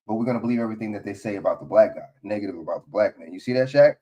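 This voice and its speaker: A man's voice: fairly low pitch, very fast, dark tone. A man hosting a livestream, giving blunt, profane, casual political commentary and often asking "you know what I'm saying". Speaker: livestream host. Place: home studio, livestream.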